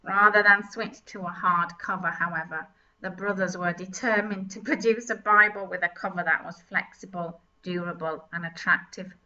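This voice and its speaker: A woman's voice: on the low side, fairly even intonation, normal speed, bright, forceful tone. A woman giving mocking, giggly comedic commentary with theatrical asides. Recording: distant mic, dull lo-fi sound.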